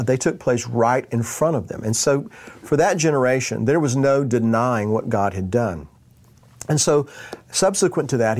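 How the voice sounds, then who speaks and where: A man preaching a sermon on scripture, speaking in a measured, deliberate way with emphatic pauses. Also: medium pitch, a little mellow.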